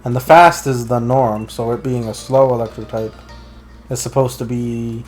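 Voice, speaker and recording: A man's voice: mid-range voice, steady tone, normal speed, a little mellow, faint music behind. A man joking along as a friend plays a video game, full of sarcastic, wry asides. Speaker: let's play co-host. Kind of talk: casual gameplay commentary.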